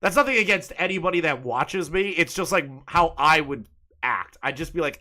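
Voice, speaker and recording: Blunt, foul-mouthed young man, bright voice. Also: a little high, lively intonation, moderate pace. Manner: blunt, profane, rambling. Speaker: streamer host. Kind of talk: casual chat on a call.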